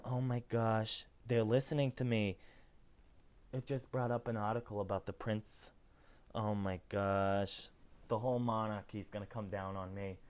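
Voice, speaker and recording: A man hosting a casual celebrity news show, chatty and animated, often tagging his lines with "okay?". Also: fairly low pitch, measured pace. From not British. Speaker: host.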